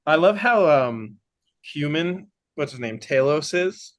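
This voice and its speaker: A man's voice: on the high side, lively intonation, slow. A man with a somewhat raised voice, talking eagerly about a movie in a casual podcast. He swears casually and loses names as he goes. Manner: enthusiastic, swears casually, trails off searching for names.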